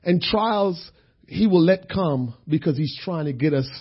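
A man preaching a sermon who tells a story, going from quiet talk to shouting. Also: a little high, lively intonation, a little slow, breathy edge, muffled recording.

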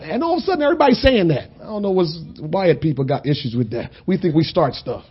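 A man preaching a sermon in a conversational, storytelling way that builds to loud, shouted points. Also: a little high, big pitch swings, quick pace, hardly any pauses, slightly rough.

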